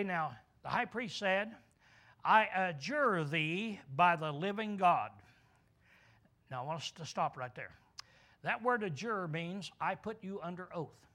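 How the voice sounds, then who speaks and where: A man's voice: on the high side, fairly bright tone. A man preaching a sermon, asking questions and answering them himself, drawling key words for emphasis.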